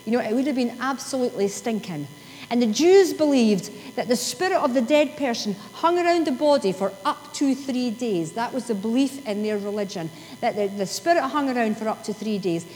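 High-voiced woman preaching in a hall. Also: animated. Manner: emphatic, with sudden drops to soft slow reading. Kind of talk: sermon. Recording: long hall reverb, faint hum.

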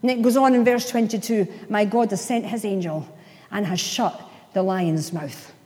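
A woman pastor preaching an emphatic sermon, with playful asides and slow, stressed phrases. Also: medium pitch, dark tone. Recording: long hall reverb.

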